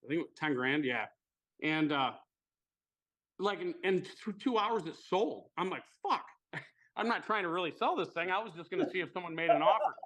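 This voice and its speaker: A man with a bright, somewhat high voice tells a rambling story in casual chat. He is animated and lively, and he swears freely. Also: normal speed.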